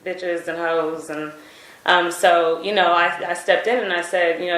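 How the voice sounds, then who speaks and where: A woman's voice: on the low side, level tone, moderate pace, a bit bright. A woman giving a recorded statement, retelling events hesitantly with many fillers. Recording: echoey room recording.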